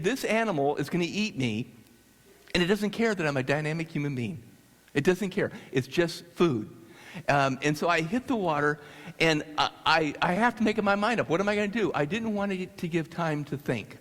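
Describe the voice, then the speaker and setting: Animated man telling a story in a hall. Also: on the high side. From United States. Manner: animated, halting with restarts. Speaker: speaker. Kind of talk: storytelling talk. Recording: long hall reverb.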